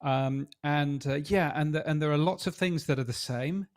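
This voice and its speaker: A middle-aged man from Britain, chatting as a guest in an interview and pausing on many fillers. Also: on the high side, dry recording, studio quality. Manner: hesitant, many fillers and restarts. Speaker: podcast industry guest. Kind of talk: casual interview chat.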